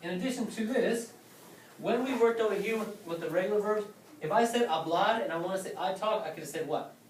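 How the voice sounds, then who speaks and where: A man's voice: high voice, fairly quick, far from the mic, slight background noise. A man teaching a class, lecturing and often asking questions and checking with "okay?". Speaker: Spanish teacher. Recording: roomy classroom from afar.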